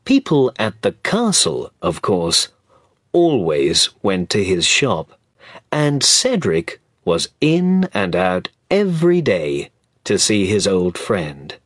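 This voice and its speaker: A man narrating a storybook slowly and clearly, as if for language learners. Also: fairly low pitch, wildly swooping pitch, dry recording, studio quality. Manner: slow, clear reading for learners. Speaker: audiobook narrator.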